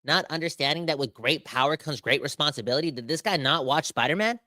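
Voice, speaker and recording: A man hosting a sports podcast, ranting with animated, emphatic exasperation. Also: on the high side, fast talker, no echo, clean studio sound. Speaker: podcast host.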